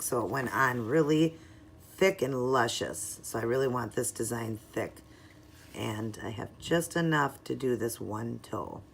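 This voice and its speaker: A woman with a strikingly deep, gravelly voice narrates a nail art tutorial at home. She chats casually, explaining every step, and now and then drops into a soft murmur as she concentrates. A faint hiss sits under the recording.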